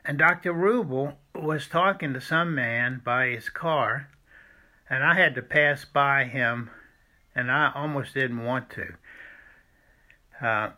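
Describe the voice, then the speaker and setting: A man recounts a personal church story. His voice is bright and forceful, and his delivery is halting, with many restarts and frequent throat-clearing. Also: mid-range voice. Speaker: former seminary student telling a church story.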